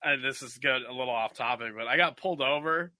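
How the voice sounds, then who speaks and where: Bright, animated man hosting a podcast. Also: medium pitch, fast, no echo. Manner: animated storyteller, slips into mock Minnesota accent. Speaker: podcast host. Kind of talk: casual chat.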